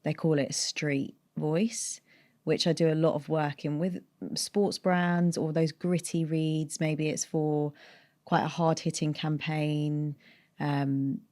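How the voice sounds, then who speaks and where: A woman from North London speaks in a neutral British accent with a faint North London edge, low and mellow. She is a voiceover artist talking through her work as an interview guest, thoughtful and unhurried, often restarting her sentences. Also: little pitch movement. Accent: neutral British with a North London tinge. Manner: thoughtful, explains at length with restarts. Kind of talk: casual interview chat.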